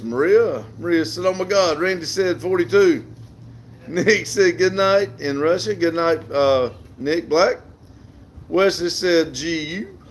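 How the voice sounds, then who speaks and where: This is a Southern man in middle age, chatting on a livestream from outside. His voice sits a little high for a man, and he reads viewer messages aloud in an easygoing, talkative way, chuckling often. Faint outdoor noise hums in the background. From southern United States. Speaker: livestream host reading chat. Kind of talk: casual live chat.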